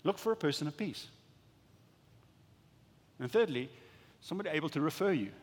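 A man preaching a sermon as pastor, animated and acting out little dialogues, often stumbling and restarting his words. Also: on the high side, normal speed. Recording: long hall reverb.

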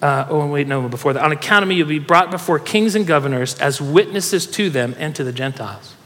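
A man with a high voice preaches in a large church hall, and a long reverb trails after his words. He tells stories with energy and urges the congregation to join in. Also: fairly quick. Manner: animated storytelling preacher, urging the congregation. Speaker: pastor. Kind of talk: sermon.

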